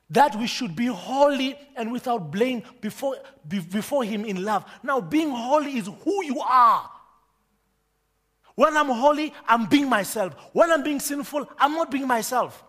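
A man pastor preaching a sermon, emphatic and forceful, constantly quizzing the congregation with repeated questions. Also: very high-pitched, lively intonation, unhurried.

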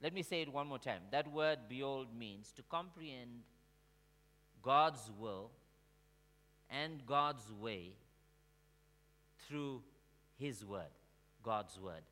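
Slow, bright-voiced preaching man in a hall. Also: medium pitch, lively intonation. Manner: call-and-response with the congregation; slow, emphatic delivery swinging from soft to shouting. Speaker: pastor. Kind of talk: sermon. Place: church sanctuary. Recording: long reverb of a large hall.

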